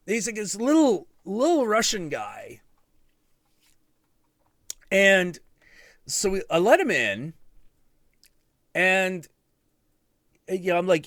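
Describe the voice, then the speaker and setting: An animated man spinning a story on his stream, his pitch leaping up and down as he swears and laughs. The sound is dry and close, with no room around it. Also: takes it slowly, long pauses, no echo. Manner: animated, profane, laughing often. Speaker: livestream host. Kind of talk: casual storytelling chat.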